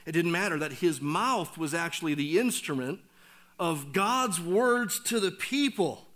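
A man preaching a sermon, swinging from loud emphatic lines down to hushed near-whispers. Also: a little high, animated. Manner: deliberate, with slowed emphatic phrases. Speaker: pastor.

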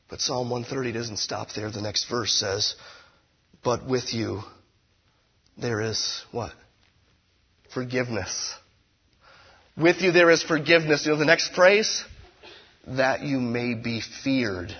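Male pastor, husky and fairly high, conversational preaching style, loud-to-hushed swings, dull lo-fi sound. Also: animated, measured pace, long pauses. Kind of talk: sermon.

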